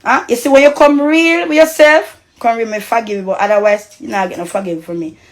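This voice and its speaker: A woman's voice: a little high, fairly quick. A woman from Costa Rica with a Jamaican Patois accent, ranting heatedly and profanely on a live stream. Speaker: social media personality.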